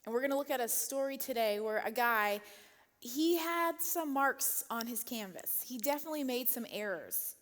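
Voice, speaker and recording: Chatty woman preaching in a reverberant hall. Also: fairly high pitch. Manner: chatty, laughs often, many "um" and "like". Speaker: church speaker. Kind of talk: casual sermon talk. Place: church auditorium.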